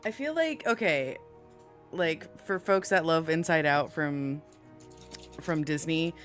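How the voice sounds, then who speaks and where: A woman's voice: low voice, expressive, slow, fairly bright tone, soft background music. A woman running a tabletop game as dungeon master, chatty and laughing often with her players. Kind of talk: casual game session chat.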